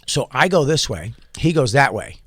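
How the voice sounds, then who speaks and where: A man telling a long, animated story in casual podcast chat and acting out the people in it. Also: mid-range voice, normal speed, no room sound, studio quality. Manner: animated, profane, acts out the people in his story. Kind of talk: casual storytelling among friends.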